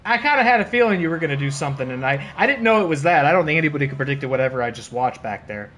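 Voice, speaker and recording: Excitable, high-voiced male game streamer. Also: rapid-fire. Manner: excitable, laughing, bursts of disbelief; swears casually, playful trash talk. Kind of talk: casual live-stream commentary.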